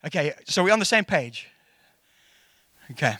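Middle-aged South African man, bright and high for a man, close dry sound, preaches a casual sermon with jokes and acted-out quotes. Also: normal speed, no echo. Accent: South African English. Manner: animated and jokey, acting out quotes.

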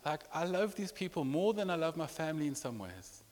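Pastor in a reverberant hall. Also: male voice, on the high side, big pitch swings, brisk, a little mellow, slight background noise. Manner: storytelling with rising emotion and repetitions. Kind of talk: sermon. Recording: long reverb of a large hall.

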